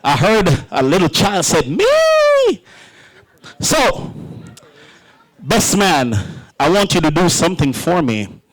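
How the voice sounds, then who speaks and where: A man's voice: fairly high pitch, lively intonation, moderate pace, poor audio. A man emceeing a wedding reception, joking and playing with the crowd.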